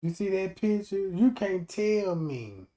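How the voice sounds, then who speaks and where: A man streaming a profane comedic rant, swinging from shouting to muttering. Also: high voice, animated, slow pace.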